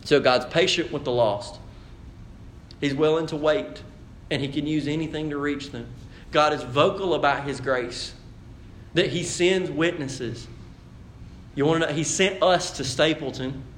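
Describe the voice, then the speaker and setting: A man preaches a sermon in an easy, conversational way and rises to loud, animated emphasis. His voice sits a little high and rings through an echoey church hall. A faint hum of room noise sits behind him. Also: measured pace, pauses often. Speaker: pastor.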